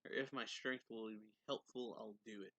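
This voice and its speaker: A proud, formal male lion beast from a manga, read out by a man. The voice stays low and gravelly and speaks in stiff, courteous phrases. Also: fairly even intonation, moderate pace, pushed and bright, no echo, full character voice.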